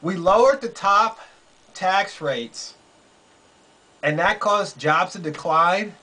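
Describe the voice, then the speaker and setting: Man, high voice, slow delivery, sarcastic incredulous commentary, repeats points. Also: sharp tone, rough recording. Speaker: political commentary vlogger. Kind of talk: casual commentary. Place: quiet room under a roof in rain.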